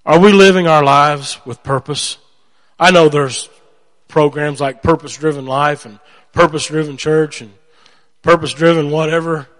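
A man preaches with lively storytelling energy, acting out voices as he goes. His voice sits a little high for a man. The sound carries a long reverb from a large hall. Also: measured pace. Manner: animated storytelling, acts out voices. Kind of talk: sermon.

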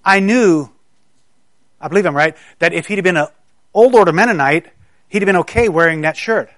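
A man's voice: high voice, a little fast, a bit bright, no room sound. A middle-aged man from South Carolina preaching a sermon, with conversational storytelling and stammering restarts.

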